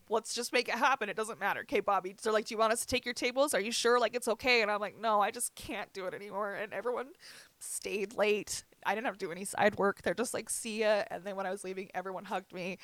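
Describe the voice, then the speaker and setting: Young woman, podcast host, candid and halting, plain mid voice, recorded dry. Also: mid-range voice, no room sound. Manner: candid, halting, quiet, many fillers and restarts. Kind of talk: casual chat.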